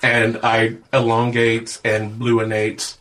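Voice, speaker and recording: A man's voice: mid-range voice, completely flat delivery, slow pace, a bit bright. A man doing a naive Aussie space creature. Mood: delighted. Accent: Australian, put on. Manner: cheery, childlike, slangy. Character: naive friendly shapeshifting space creature, male.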